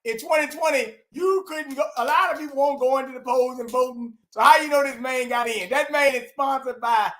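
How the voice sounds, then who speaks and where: A man hosting an online show, ranting loudly and mockingly with heavy cursing in casual commentary. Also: extremely high pitch, a little fast, few pauses. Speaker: show host.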